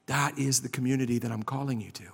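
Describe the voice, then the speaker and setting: A man preaching a sermon as pastor, impassioned, swinging from loud emphasis to a soft hush. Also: mid-range voice, steady tone, fast talker, breathy edge. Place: church sanctuary. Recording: long hall reverb.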